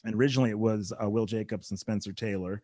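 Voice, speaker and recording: A man's voice: on the low side, steady tone, fast, mellow, no echo, clean studio sound. A man guesting on a comedy podcast, chatting casually and rambling with many restarts and "like"s.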